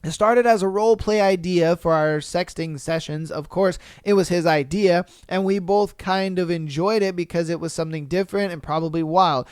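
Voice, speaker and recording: Profane, animated young male podcast host. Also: high voice, normal speed, hardly any pauses, clear, resonant tone, dry recording, clean studio sound. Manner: profane, animated reactions, laughs. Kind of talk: casual reading of listener posts with commentary.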